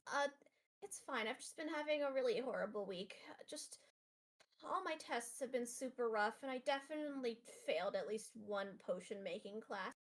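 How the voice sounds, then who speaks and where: A woman voicing an upset young female student who speaks in a tearful, halting, apologetic way. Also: a little high, lively intonation.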